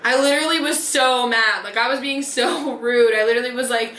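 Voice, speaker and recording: Brisk and a little high, with a sharp tone, a beauty vlogger in her twenties chats through a dating story while applying makeup. She's sassy, swears a lot, and fills her speech with "like," all in a roomy, echoing space.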